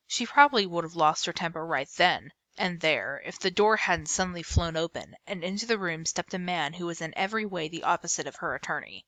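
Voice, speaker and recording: A woman reading a middle-grade novel aloud in an expressive storybook manner. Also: fairly low pitch, fairly quick, few pauses, dry recording. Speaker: book reader.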